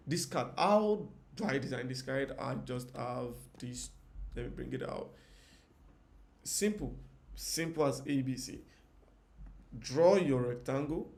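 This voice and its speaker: A man of average pitch giving a casual live design lesson. He talks in a chatty, looping way, often repeating his phrases and speaking straight to viewers in the comments. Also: darkish tone. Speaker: UI designer teaching.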